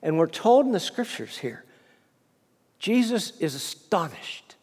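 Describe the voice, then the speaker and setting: High-voiced preacher in a reverberant hall. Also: male voice, measured pace, breathy edge. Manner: animated storytelling, repeats words. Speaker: preacher, fundraising minister. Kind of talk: sermon.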